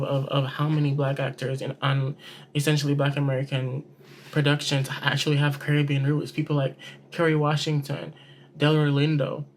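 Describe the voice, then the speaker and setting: Rambling male commentator, slightly high voice. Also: rough recording. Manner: rambling, with many restarts and self-corrections. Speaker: online commentator. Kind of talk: casual commentary to camera.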